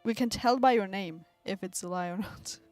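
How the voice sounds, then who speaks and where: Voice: medium pitch, normal speed, over music. A stream co-host talking straight to the chat, teasing and upbeat. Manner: teasing, talks to chat directly. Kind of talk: casual live-stream chat.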